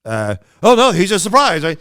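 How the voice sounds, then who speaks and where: A man co-hosting a podcast tells rambling stories, restarting sentences and slipping into quoted voices. His voice is smooth and resonant, pitched a little high. The sound is close and dry, with no room around it. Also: wildly swooping pitch, normal speed, fairly bright tone, no room sound. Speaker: podcast co-host. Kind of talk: casual storytelling chat.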